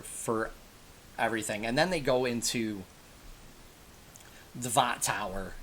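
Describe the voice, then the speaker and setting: Low-voiced man rambling through a recap. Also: creaky, fairly bright tone, a little hiss or hum. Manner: rambling, backtracks and corrects himself. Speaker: TV episode reviewer. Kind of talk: casual spoken episode recap.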